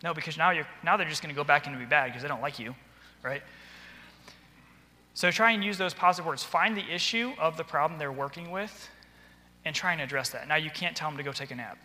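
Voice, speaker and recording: A man giving an earnest, conversational training talk as a teacher, dropping to a softer voice when he acts out classroom exchanges. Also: on the high side, brisk. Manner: earnest, conversational, drops to soft voice for acted quotes. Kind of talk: instructional talk with acted classroom dialogue. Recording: long echoey hall reverb.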